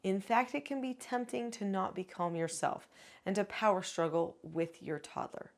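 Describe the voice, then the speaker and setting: A woman working as a parenting educator and author, calmly explaining parenting skills step by step in an advice video. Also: medium pitch, moderate pace, creaky. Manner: calm, instructive, explains step by step.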